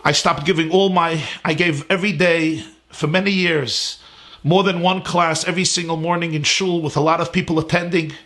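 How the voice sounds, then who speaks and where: Earnest high-voiced rabbi teaching from home. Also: male voice, fairly even intonation, normal speed, a bit bright. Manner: earnest, emphatic, lists words in rising cadence. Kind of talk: sermon-style class. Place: his home.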